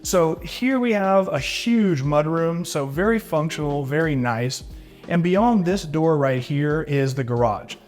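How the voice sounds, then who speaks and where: An enthusiastic man walks through a large house, showing off each room in a bright, upbeat tour. His voice sits a touch higher than most men's. He keeps calling things neat and beautiful, and faint music plays behind him. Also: lively intonation, a little slow. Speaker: real estate agent giving a home tour. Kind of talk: walkthrough home tour vlog.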